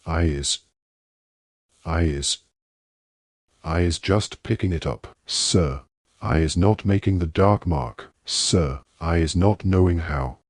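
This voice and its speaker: A man's voice: sits low, slow pace, pauses often, dry recording, clean studio sound. A man voicing a stammering, frightened house-elf. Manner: pleading, broken grammar, stammering. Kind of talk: audiobook reading.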